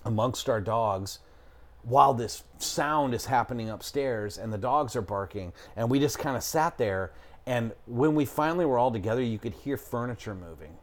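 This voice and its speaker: A man's voice: mid-range voice, expressive, normal speed. A middle-aged man telling a story in casual chat, rambling and swearing, with lots of fillers. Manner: rambling, profane, lots of "like" and "I'm talking".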